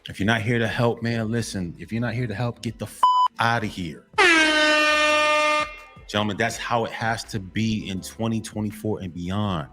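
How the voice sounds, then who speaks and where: A man's voice: fairly low pitch, normal speed, over loud music. A man giving a blunt, repetitive motivational monologue to men, lecturing and half-censoring his swearing. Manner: repetitive, lecturing, keeps addressing "gentlemen". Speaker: men's motivational vlogger.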